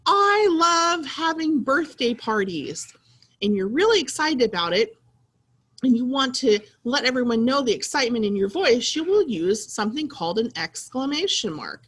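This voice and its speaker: A woman teacher with a husky voice, reading slowly and in a sing-song way with young children. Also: on the high side, big pitch swings. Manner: slow, sing-song, encouraging teacher talk.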